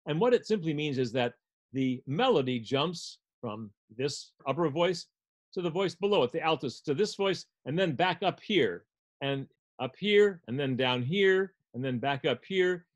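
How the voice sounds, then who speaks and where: A man's voice: fairly high pitch, lively intonation, a little slow. An older man lecturing on music, explaining a score step by step as he guides listeners through it.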